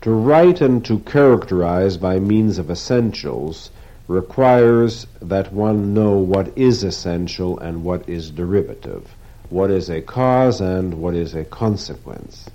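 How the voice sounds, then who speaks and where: Deep-voiced man giving a formal literary lecture. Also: expressive, dark tone. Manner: measured, deliberate, formal diction. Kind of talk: literary lecture with read quotations. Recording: dull lo-fi recording.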